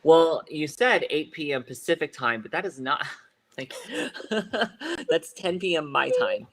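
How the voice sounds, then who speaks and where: A man co-hosting a casual live-stream chat, talking in a lively, animated way and laughing often. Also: on the high side, unhurried. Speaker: podcast co-host.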